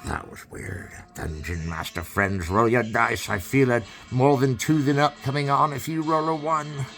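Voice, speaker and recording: A man's voice: mid-range voice, normal speed, fairly bright tone, soft background music. A man hosting a film riff, rambling in improvised commentary that moves between mock-solemn chanting and joking asides. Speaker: host riffing over a film.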